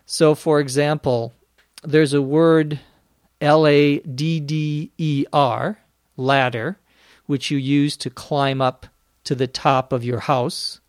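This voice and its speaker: A man's voice: fairly high pitch, darkish tone, no room sound, clean studio sound. A man hosting an English-learning podcast, answering listener questions in a careful teaching style and spelling words out letter by letter. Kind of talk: slow, careful podcast lesson.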